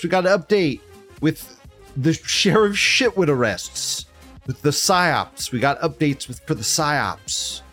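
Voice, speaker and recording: A man's voice: on the high side, a bit bright. A man hosting a news commentary show in a casual, profane, mocking rant, laughing often.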